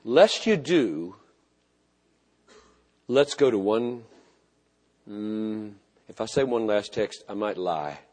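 A man preaching a sermon with passion, swinging from loud emphatic repetitions to hushed, low phrases. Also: lively intonation, takes it slowly, pauses often. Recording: long hall reverb.

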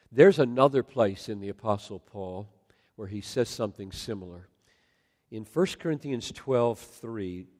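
A man preaching a sermon in a large hall, swinging from loud exclamations to soft near-whispers. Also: mid-range voice. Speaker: pastor. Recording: long hall reverb.

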